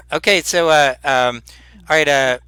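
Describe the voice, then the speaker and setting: A man's voice: fairly high pitch, takes it slowly, pushed and bright, smooth, no echo. A man running a tabletop game as dungeon master, laughing often and talking with many fillers.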